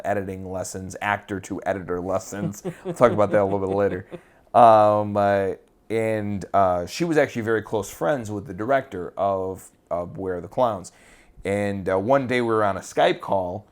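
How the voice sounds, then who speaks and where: A man co-hosting a podcast, talking casually and rambling, with frequent fillers, restarts and the odd swear word. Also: on the low side. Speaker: podcast co-host.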